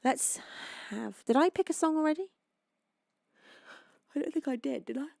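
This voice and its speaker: Chatty, tired UK singer streaming live. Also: female voice, high-pitched, expressive, normal speed, vocal fry, dry recording, clean studio sound. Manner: chatty, rambling, greets viewers warmly. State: tired and sleepy. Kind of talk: casual chat with live chat.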